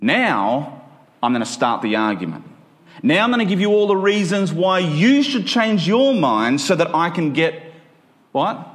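A man's voice: on the high side, sing-song, a little slow. An Australian man preaching a sermon in a conversational way, full of rhetorical questions and acted-out examples.

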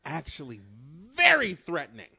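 A man co-hosting a podcast who comments on a friend's story in a teasing, animated way. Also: on the high side, moderate pace. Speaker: podcast co-host. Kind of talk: casual chat.

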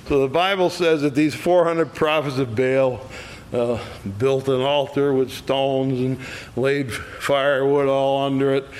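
A man teaching an adult Bible study, retelling a story with lively acted quotes and chuckles. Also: mid-range voice.

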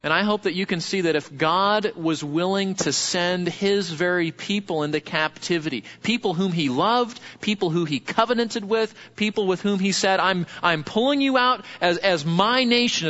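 A man preaching a sermon as pastor, lively and conversational, asking the congregation questions. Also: sits high, dull audio.

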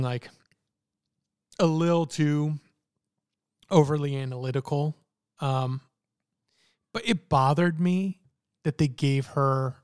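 A man discussing television in a relaxed podcast conversation, hesitating and circling back with plenty of "like" and "um." His delivery is unhurried and his voice is crisp and smooth. The sound is dry and close, with no room echo. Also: a little high. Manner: hesitant, thinks aloud with many fillers. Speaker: podcast co-host. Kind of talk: casual TV discussion.

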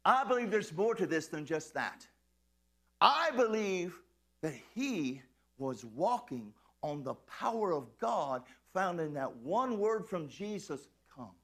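A man preaching a sermon, animated and playful, swinging into shouts and laughs as he tells the story. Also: sits high, takes it slowly. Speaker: pastor.

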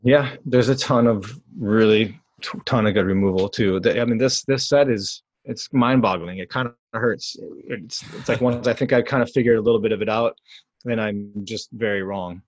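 Man with a low, dry-sounding voice. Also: moderate pace, no echo. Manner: self-deprecating, jokey. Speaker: podcast co-host. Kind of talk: casual card game chat.

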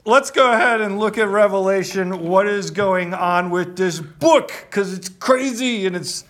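A man's voice: sits high, unhurried, fairly bright tone. A man hosting a casual Bible study video, joking, laughing often and trying silly impressions. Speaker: pastor and video host.

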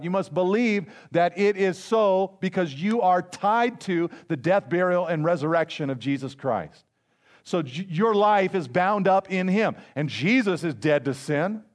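A pastor preaching with a slightly higher-than-average voice for a man. He talks to his congregation in an easy, conversational way, often repeating a phrase. He slows right down to lean on the words he wants to land. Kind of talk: sermon.

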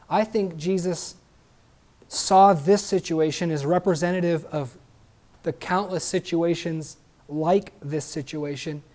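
A man's voice: a little high, mellow. A man preaching a sermon emphatically, asking the congregation questions and adding joking asides.

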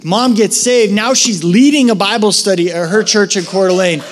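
High-voiced man preaching casually. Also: a little hiss or hum. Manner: casual, storytelling, quick asides. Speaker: pastor. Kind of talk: sermon.

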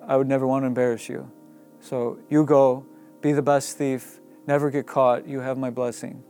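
A man voicing a serene, eccentric old male forest mystic who speaks calmly and with gentle insistence, over faint music. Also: mid-range voice, moderate pace, clean tone, close to an everyday voice. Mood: playful.

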